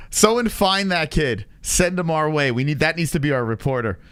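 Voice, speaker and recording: Animated, profane man hosting a reaction stream. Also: a little high, normal speed, smooth. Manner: profane, laughs often, animated. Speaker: streamer host.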